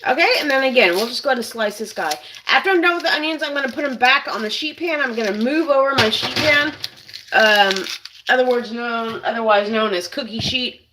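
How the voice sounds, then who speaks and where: A woman who hosts a cooking channel runs a casual kitchen demonstration, chatting to viewers while she works and repeatedly calling them "you guys." Her voice is fairly high and brisk, with background noise in the recording.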